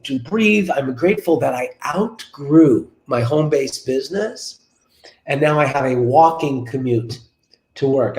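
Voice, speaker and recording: A lively man in his forties tells an anecdote as a guest on a web show, sitting in his office. He repeats key phrases for emphasis, and his voice sits a touch high. The video-call audio picks up a roomy echo off the office walls. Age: 40s. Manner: energetic, repetitive, storytelling. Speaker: guest business coach.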